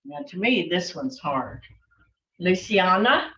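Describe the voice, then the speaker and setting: Patient language teacher, female, slow and warm-handed with corrections, dull call audio. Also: on the low side, big pitch swings. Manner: patient, encouraging, calls on students by name. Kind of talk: online language class. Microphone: video call.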